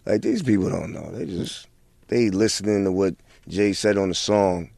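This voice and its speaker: A man's voice: deep voice, moderate pace, creaky, a little mellow, no echo. A man in his forties, a guest in a casual interview, talking in a laid-back way with lots of filler phrases. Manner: laid-back, many "you know what I'm saying" fillers. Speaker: guest rapper.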